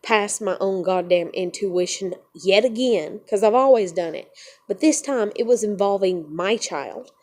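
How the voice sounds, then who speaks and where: A woman's voice: medium pitch, a little slow, darkish tone. A young woman venting in a personal vlog, cursing freely and telling a painful family story in a raw, emotional way. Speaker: vlogger.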